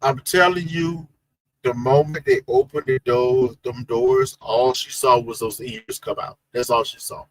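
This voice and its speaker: A man co-hosting a reality TV recap chat, animated, emphatic and full of slang. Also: medium pitch, a little slow, no room sound, poor audio. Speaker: co-host of a reality TV recap show. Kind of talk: casual chat.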